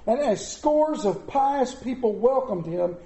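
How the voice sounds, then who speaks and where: A middle-aged pastor preaching a sermon in a church, animated and mixing comic asides with scripture. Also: male voice, very high voice, unhurried, echoey room. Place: church sanctuary.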